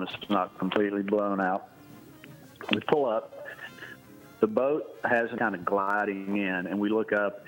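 A man's voice: on the low side, fairly bright tone, poor audio. A man casually telling a long fishing anecdote on a podcast, laughing as he rambles. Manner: rambling, laughing storyteller with restarts. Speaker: guest storyteller.

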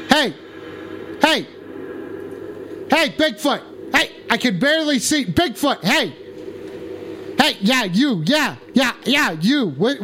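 A man giving profane, excited comedic commentary while high, yelling and rambling. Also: a little hiss or hum.

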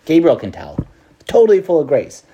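Casual, mellow-voiced male priest. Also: on the high side, wildly swooping pitch, a little fast, highs cut off, slight background noise. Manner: casual, chatty, with laughs and slang. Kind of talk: preached meditation to students.

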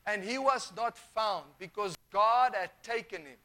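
A man's voice: sits high, a little slow, sharp tone. A man preaching a sermon, emphatic, often repeating phrases and restarting sentences.

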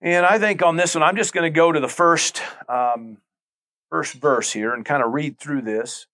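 A man's voice: fairly high pitch, steady tone, moderate pace, sharp tone. A middle-aged male pastor preaching a conversational sermon, full of asides, repeated phrases and calls to the listeners.

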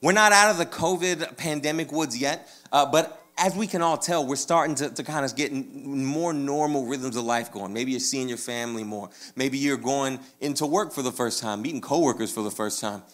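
A man preaching a sermon in a loose, conversational way, with casual slang and lively swings in energy. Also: mid-range voice, moderate pace, hardly any pauses. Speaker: pastor.

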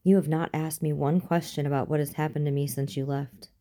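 Woman reading wounded female police captain, quiet, guarded, low warm voice, audiobook. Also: fairly even intonation, brisk, natural voice. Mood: hurt.

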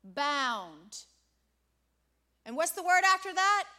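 A woman's voice: extremely high pitch, big pitch swings, slow pace, pushed and bright. A woman preaching a sermon to a congregation, stretching out key words for dramatic emphasis and quizzing her listeners on the next word. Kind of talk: sermon with call-and-response questions. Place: church before a congregation.

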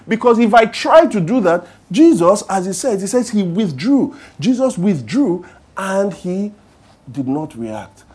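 A male pastor delivering a sermon with a high-pitched voice. His delivery is very lively, jumping between soft, prayerful murmurs and loud, excited storytelling. He stays animated throughout. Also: unhurried, breathy edge. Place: church service.

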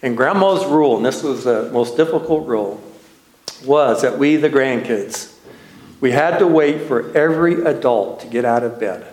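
A man from Texas, a minister, telling a slow, nostalgic childhood story as a sermon with light laughs. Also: mid-range voice, lively intonation, a little mellow, roomy sound, poor audio.

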